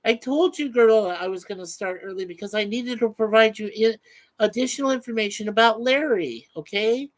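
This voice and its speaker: A man's voice: sits high, fairly quick, rough recording. A man hosting a casual live stream, chatting loosely with many fillers and reading out viewer comments.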